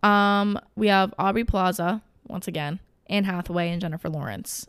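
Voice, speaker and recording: A woman's voice: on the low side, moderate pace, clean tone, no room sound, clean studio sound. A young woman vlogging in a casual, gushing way, rambling with fillers and self-corrections. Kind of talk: casual chat to camera.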